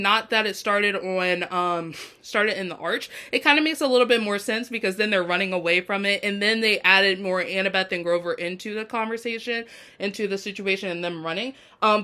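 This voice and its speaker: With a fairly high, bright, forceful voice, a woman reviews a TV episode in a casual video. She gushes and chats freely, leaning on fillers such as "um" and "you know."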